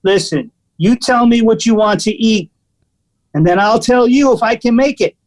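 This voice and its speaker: A man's voice: extremely high pitch, moderate pace, voice pushed up. A man putting on the voice of an aggressive, blunt restaurant waiter while telling a story. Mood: pushy. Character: brusque pushy male restaurant waiter.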